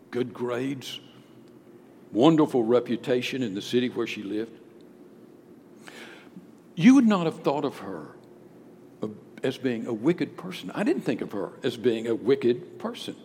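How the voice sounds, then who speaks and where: Animated preacher in a reverberant hall. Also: male voice, medium pitch. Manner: emphatic preaching, swinging from loud declarations to hushed storytelling. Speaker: pastor. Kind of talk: sermon. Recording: long hall reverb with faint background noise.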